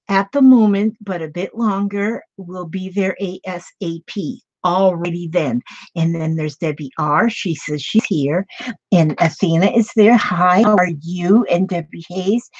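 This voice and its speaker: A woman's voice: lowish voice, no room sound. Chatty older woman, lo-fi dry sound. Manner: rambling, chatty, greets viewers by name. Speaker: crafting livestream host. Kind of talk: casual livestream chat.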